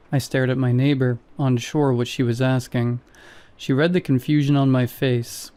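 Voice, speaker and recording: Smooth, mellow male horror narrator. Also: medium pitch, steady tone. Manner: measured, first-person storytelling.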